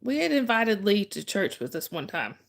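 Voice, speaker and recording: Telling a story to her livestream viewers, this host has a creaky, medium-pitched voice and a very animated delivery at a moderate pace. It's casual chat, full of laughter and restarted sentences.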